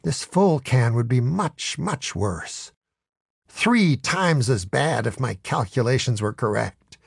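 A man telling a comic first-person story in a deadpan, mock-dramatic narration. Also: medium pitch, slow, vocal fry, slightly rough, dry recording, clean studio sound.

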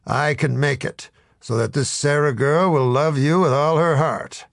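A man doing a boastful booming devil. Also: unhurried, gravelly, dry recording, studio quality. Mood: coaxing. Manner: booming, pompous roll call of titles. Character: sneering grandiose male devil, boastful.

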